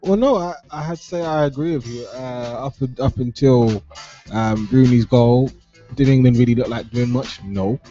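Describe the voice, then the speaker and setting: A man co-hosting a live football talk show, giving his view in a hesitant, measured way with fillers. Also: medium pitch, mellow. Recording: dull lo-fi sound with faint music.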